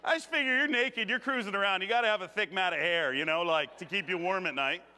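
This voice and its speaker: A man preaching a conversational sermon in a church, joking, animated and laughing often. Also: sits high, quick pace. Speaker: guest preacher. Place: church sanctuary. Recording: long reverb of a church hall.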